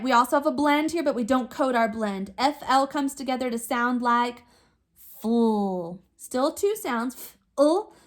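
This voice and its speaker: Woman teacher, high voice, slow careful sounding out of words for little kids, patient. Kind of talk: remote phonics lesson for young children.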